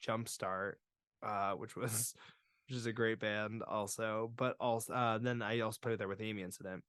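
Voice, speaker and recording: A man hosting a podcast, telling a wild story in casual, profane chat that swings between loud and quiet. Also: lowish voice, dry recording, studio quality. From Boston area. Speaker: podcast host.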